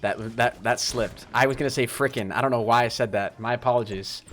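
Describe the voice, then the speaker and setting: A man streaming a game live, commenting on play and talking straight to his chat in a lively, apologetic way. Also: medium pitch, a little fast, a little hiss or hum. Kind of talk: live gameplay commentary and chat shout-outs.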